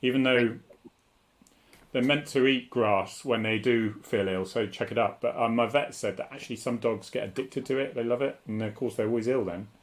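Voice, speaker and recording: A man's voice: medium pitch, moderate pace. An English man talking in a loose, casual way as co-host. He has a mid-range voice and a rambling, good-humoured delivery, and he sometimes tries out silly accents. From England. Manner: chatty, laughs easily, drops into put-on accents. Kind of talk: casual live-stream chat.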